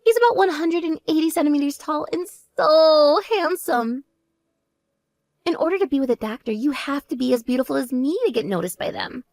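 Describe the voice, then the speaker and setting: A woman voicing a spoiled, vain young woman who talks in a mocking, shrill and demanding way. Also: brisk, a little mellow, no echo. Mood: boastful.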